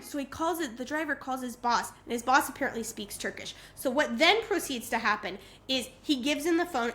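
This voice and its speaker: A young woman co-hosting a podcast, telling a story in casual chat and acting out the other people's voices. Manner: animated, acts out voices with big pitch jumps. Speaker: podcast co-host.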